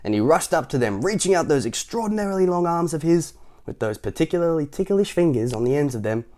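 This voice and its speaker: A man's voice: a little high, expressive, fast talker, mellow. A man reading a children's picture book aloud, chuckling and adding chatty asides for young listeners. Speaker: storytime reader.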